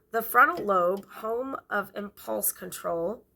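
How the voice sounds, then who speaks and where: A woman reads a book aloud in an amateur, unpolished way, taking it slowly. Her voice is bright with a gravelly edge. She stumbles over words and goes back to correct herself. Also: mid-range voice. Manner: halting reading with stumbles and self-corrections. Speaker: vlogger reading a memoir aloud.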